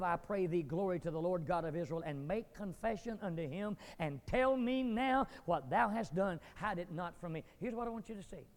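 An older man preaching a fiery revival sermon, swinging from quiet scripture reading to loud shouting. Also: sits high. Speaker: pastor. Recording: echoey hall.

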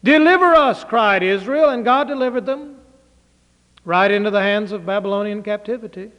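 A man preaching a sermon, dramatically swinging between loud declaiming and hushed low phrases. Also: fairly even intonation, normal speed. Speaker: pastor. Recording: reverberant hall.

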